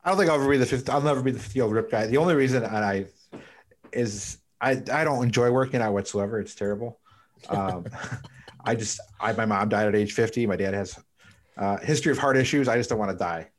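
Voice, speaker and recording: Male podcast guest. Low voice, rapid delivery, blunt and matter-of-fact. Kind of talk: casual podcast chat.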